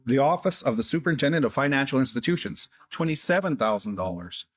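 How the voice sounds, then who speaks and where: Sarcastic male politician, mid-pitch, exasperated scripted address to camera. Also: very animated, fast talker. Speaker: member of parliament.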